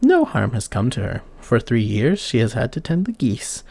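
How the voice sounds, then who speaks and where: A man voicing a stern old wise woman in a fairy tale, speaking slowly in a measured, archaic way. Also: mid-range voice, huge pitch swings, creaky, a little mellow, full character voice. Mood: kindly.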